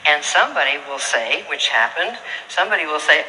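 Brief: animated woman speaker, sharp bright tone, slight background hiss, playfully acts out people she quotes. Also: sits low, fairly quick, rough recording. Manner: animated, acting out quoted voices with laughter. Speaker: motivational speaker. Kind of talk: storytelling talk to a live audience.

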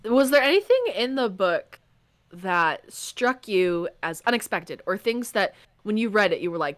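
Young female podcast co-host, casual book chat, very lively pitch, dry close sound, dramatic reactions. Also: a little slow, no echo. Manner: dramatic, acts out her own reactions.

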